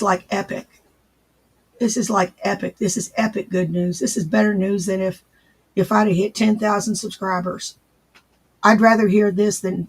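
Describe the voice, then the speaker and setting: A man hosting a casual livestream, answering viewers in his chat and gently repeating his reassurances. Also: high voice, breathy edge. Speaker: livestream host.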